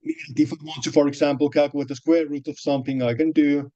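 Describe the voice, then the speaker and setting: A male programming teacher who talks through his code haltingly, stopping to restart and fill pauses as he explains each step. His voice is mellow and unhurried. It comes through a somewhat dull, lo-fi recording. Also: fairly high pitch, fairly even intonation. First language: Finnish. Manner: hesitant, many restarts and fillers, explains step by step. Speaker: programming lecturer.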